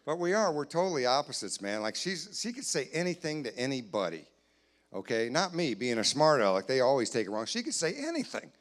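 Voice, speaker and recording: A man doing a stand-up comedy set in a church, playfully acting out both sides of conversations with loud put-on voices. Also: medium pitch, very animated, brisk. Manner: playful, jumps to loud acted voices for his wife and himself. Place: church sanctuary, live audience.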